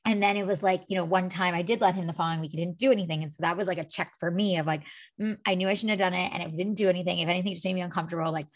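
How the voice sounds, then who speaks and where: She speaks at a racing clip, her pitch fairly low and her intonation fairly even. As host of a podcast, she recounts a personal story in rambling, casual talk crowded with "like"s and "you know"s.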